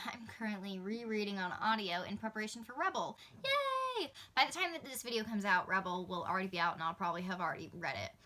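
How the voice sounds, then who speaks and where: A woman's voice: medium pitch, bright, forceful tone. A young woman chatting casually to camera about books she loved and disliked, gushing and laughing easily. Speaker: book vlogger. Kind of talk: casual book talk to camera.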